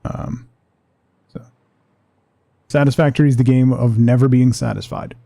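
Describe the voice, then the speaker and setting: Creaky, mellow-voiced male streamer. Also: mid-range voice, moderate pace, dry recording. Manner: relaxed, rambling, talks to chat. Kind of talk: casual livestream chat while gaming.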